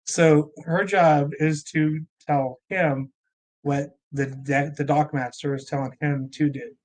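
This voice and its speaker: A man who is a podcast guest, telling stories in casual chat with halting, rambling restarts. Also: fairly high pitch, level tone, a little mellow, a little hiss or hum.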